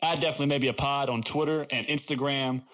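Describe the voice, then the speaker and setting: A man's voice: mid-range voice, steady tone, fast talker, fairly bright tone. A man co-hosting a comedy podcast, riffing casually and joking about absurd scenarios. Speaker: podcast co-host.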